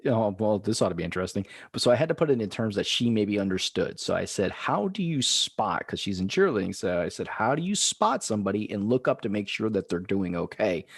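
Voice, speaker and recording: A middle-aged man chatting as a podcast co-host, animated and quick to laugh as he tells a story. His voice sits on the low side and comes across husky, swinging widely in pitch. The sound is dry and close. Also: dry recording. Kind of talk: casual chat.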